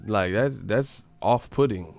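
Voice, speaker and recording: A man from the Bay Area hosting a sports live stream, ranting in a profane, animated, comedic way and laughing often. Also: lowish voice, slow, vocal fry, no room sound, faint music behind. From San Francisco Bay Area.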